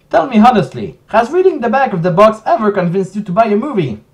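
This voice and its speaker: A non-native English-speaking man voicing a sneering male narrator who insults the reader in a loud, mocking, exaggerated way. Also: high voice, very animated, slow pace, far from the mic, exaggerated voice. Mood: exasperated. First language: not English.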